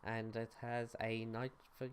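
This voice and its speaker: A young man with a lowish, clean voice livestreams a video game, speaking unhurriedly with a completely flat delivery. He chats loosely and offhandedly with viewers, reading and answering chat aloud while swearing casually.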